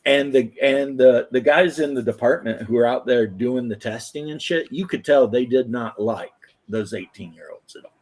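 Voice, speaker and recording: Man, thirties, husky, mid-pitched, casual profane storytelling. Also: normal speed, darkish tone. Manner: profane, rambling anecdotes. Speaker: podcast host, former firefighter.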